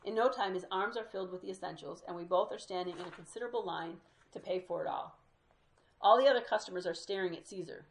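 A woman's voice: medium pitch, fast talker, gravelly. A woman storyteller reading a memoir aloud, sprinkling in Spanish words.

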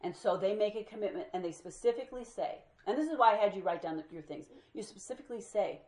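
A woman leads a group Bible study as a lively storyteller who slips into the voices of the people she quotes. Her voice sits at an ordinary pitch, and the room around her echoes. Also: fast talker.

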